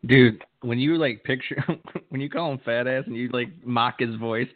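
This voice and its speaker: A man's voice: medium pitch, normal speed. A man hosting a podcast, joking and laughing in casual chat. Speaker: podcast host. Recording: tinny phone-like line, off-mic.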